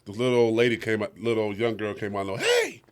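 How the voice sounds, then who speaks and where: A man telling stories in an animated, casual way, swearing often, on a comedy podcast. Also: fairly low pitch, quick pace, clear, resonant tone. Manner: animated, swears freely, laughs into his stories. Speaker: podcast co-host.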